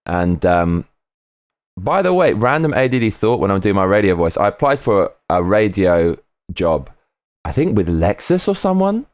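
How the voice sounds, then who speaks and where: Guy streaming live, chats and reads out comments, kinda low voice, dry close mic. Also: big pitch swings, moderate pace, dry recording. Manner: rambling and chatty, swears freely; reads viewer comments aloud. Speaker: live streamer reading chat. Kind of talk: casual live-stream chat.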